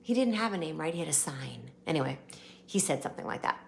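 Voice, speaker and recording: Woman host, casual storyteller, chatty and animated, lowish voice, faint hiss underneath. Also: fast talker, creaky. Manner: chatty, animated, rambling anecdotes. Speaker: channel host.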